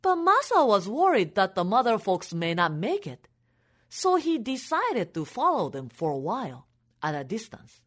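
A woman telling a folk tale for families in an expressive, animated way. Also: mid-range voice, moderate pace. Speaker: storyteller.

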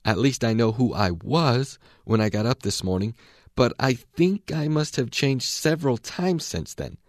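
A shy, well-mannered young girl answers hesitantly and politely, put on by a man reading aloud. Her pitch moves widely, in a dry recording. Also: lively intonation, unhurried, no echo.

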